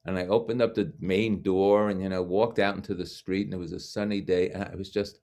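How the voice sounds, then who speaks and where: A man's voice: low voice, steady tone, brisk, mellow. A man in his seventies from Brooklyn, a guest speaker telling a personal story, frank and wry with self-mocking asides. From Brooklyn, New York. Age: 70s.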